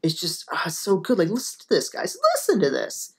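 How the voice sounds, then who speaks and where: A music producer reacts out loud in casual commentary, gushing and exclamatory, talking at an average pitch. The talk rambles between bursts of excitement. Music plays faintly underneath. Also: a little fast, gravelly.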